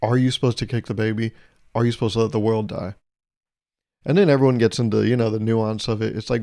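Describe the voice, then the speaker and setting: A man's voice: on the low side, steady tone, fast, dark tone, no room sound, studio quality. A young man hosting his own podcast, rambling through a sarcastic, jokey monologue and laughing at his own jokes. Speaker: podcast host. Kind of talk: solo comedic podcast monologue.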